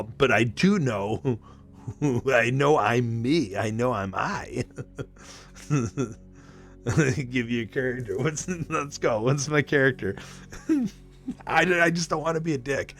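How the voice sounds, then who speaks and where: A man chatting casually with his live stream audience. He rambles excitably, swears constantly and breaks into laughter between stories. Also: mid-range voice. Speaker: livestreamer.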